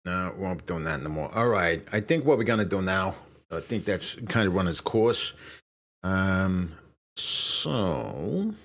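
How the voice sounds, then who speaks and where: A man's voice: low-pitched, lively intonation, a little slow, fairly bright tone. A man hosting a casual live stream, rambling, swearing and apologizing as he loses his train of thought. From Brooklyn, New York. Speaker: streamer host.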